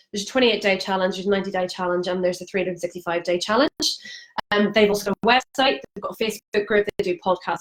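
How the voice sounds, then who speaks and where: A woman's voice: medium pitch, poor audio. A woman talking candidly in a live-streamed vlog, frank and emotional, with many fillers and restarts. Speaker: vlogger sharing a sobriety challenge. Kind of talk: candid Facebook live monologue. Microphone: phone or webcam on a live stream.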